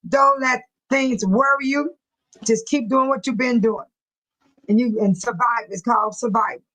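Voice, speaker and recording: A woman's voice: on the high side, fairly even intonation, normal speed, sharp tone, faint music behind, poor audio. A woman hosting a live chat, reading viewer comments aloud and often breaking into laughter, speaking in a folksy, churchy way. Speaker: livestream host.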